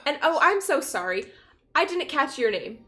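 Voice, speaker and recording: A woman voicing a polite but wary young female hero, a little lower and quieter than her own voice. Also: sing-song, normal speed, soft background music, full character voice. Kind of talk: playing a tabletop game character.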